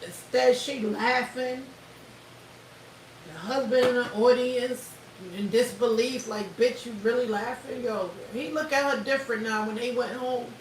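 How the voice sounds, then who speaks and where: A woman's voice: fairly high pitch, measured pace. A woman hosting a livestream, giving blunt, profane commentary and laughing often. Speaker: livestream host. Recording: echoey room, far from mic, faint hiss.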